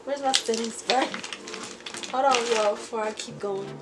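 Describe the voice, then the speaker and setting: A woman's voice: a little high, moderate pace, very noisy. Chatty young woman vlogger. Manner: chatty, rambling storytelling with frequent laughs. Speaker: beauty vlogger. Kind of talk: casual chat while doing makeup.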